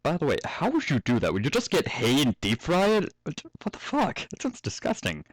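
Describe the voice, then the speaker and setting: The recording is rough, with no room sound, and captures a young man reading a fan story at home. His mid-range voice swings wildly in pitch at a slightly fast pace, and he often interrupts himself to joke, swear and laugh.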